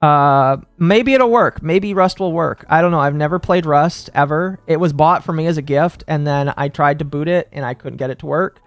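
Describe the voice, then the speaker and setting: A man from Texas streaming live, chatting casually with his audience in a rambling, excitable way that tips into rants. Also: on the high side, no room sound, faint music behind. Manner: rambling, excitable, quick to rant.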